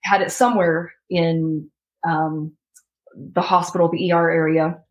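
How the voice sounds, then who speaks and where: Female guest, 30s, lower voice, animated storyteller. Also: measured pace, dull audio. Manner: animated, reenacts her own past words. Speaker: interview guest. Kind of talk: emotional personal story.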